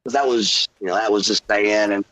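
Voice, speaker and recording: A man's voice: lowish voice, brisk, dry recording, rough recording. A man from Georgia, a podcast guest telling a profane story and acting out what people said. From Georgia, USA. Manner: animated, swearing, acts out quotes. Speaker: podcast guest, former pro wrestler.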